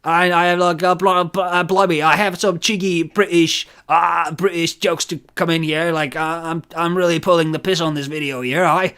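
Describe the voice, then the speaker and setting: A man's voice: fairly high pitch, fairly even intonation, measured pace, hardly any pauses, sharp tone, clean tone, pitched above the performer's own voice. A man putting on a cheeky blustering British critic. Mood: mock blustering. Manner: rambling mock-British put-on with slang.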